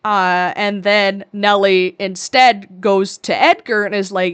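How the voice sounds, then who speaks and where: A young woman in her twenties tears through a movie recap on a casual podcast. She is crude and sarcastic, swears constantly, and talks at an everyday mid pitch for a woman. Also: steady tone, takes it slowly, few pauses, clean tone. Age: 20s. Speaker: podcast co-host.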